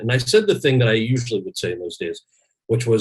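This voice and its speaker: Over a rough-sounding video call, a man in his forties who works as an actor shares candid anecdotes in conversation, full of lively restarts. He talks a little fast, with a fairly low, slightly rough voice.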